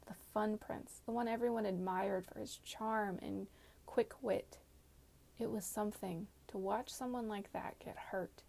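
A woman reading a fantasy novel aloud in a steady storytelling manner. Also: mid-range voice, gravelly. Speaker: audiobook narrator. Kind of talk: scripted narration.

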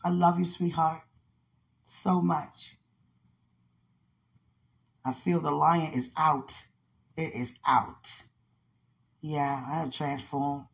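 A woman's voice: low-pitched, fairly even intonation, drawn-out words, creaky, long pauses, slightly rough. A woman hosting a podcast, mixing casual prayer with playful, teasing banter and frequent laughter. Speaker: podcast host.

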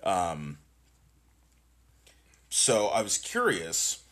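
A young man co-hosting a podcast, chatting casually, animated, swearing and laughing often. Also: deep voice, very slow. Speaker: podcast co-host. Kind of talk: casual chat.

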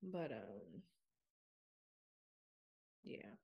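A woman's voice: extremely low pitch, big pitch swings, drawn-out words, creaky, husky, muffled recording. A young adult woman hosting a podcast, talking frankly and casually to her listeners, full of fillers and quoted self-talk. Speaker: podcast host. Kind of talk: candid solo podcast monologue.

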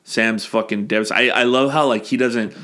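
A man's voice: lowish voice, fairly even intonation, normal speed, a bit bright. A man casually recapping a movie on a podcast, rambling and swearing, often acting out lines from scenes. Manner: rambling, profane, acts out quotes in silly voices. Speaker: podcast co-host.

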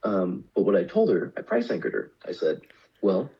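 A business podcast co-host tells a story in casual chat, acting out the quoted lines with animation. His voice is low-pitched at normal speed, with vocal fry and slight roughness, and the audio is dull.

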